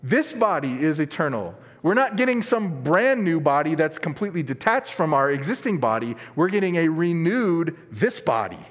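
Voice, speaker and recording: A man preaching a sermon as pastor, earnest and emphatic, dropping from strong stress to quiet asides. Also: fairly high pitch, sing-song, normal speed, few pauses. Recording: long reverb of a large hall.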